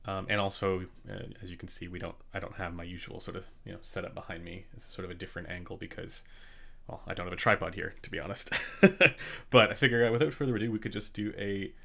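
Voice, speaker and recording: Low, gravelly man hosting a live chat. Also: fast. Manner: relaxed, rambling, many fillers and restarts. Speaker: headphone reviewer hosting a live Q&A. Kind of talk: casual live-stream chat. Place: home room during a studio move. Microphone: studio condenser microphone, a bit quiet.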